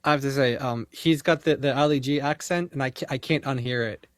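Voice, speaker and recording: A man co-hosts a casual reaction stream and tosses in quick, stammering asides. He talks fast, and the sound is dry and close. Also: medium pitch, dry recording.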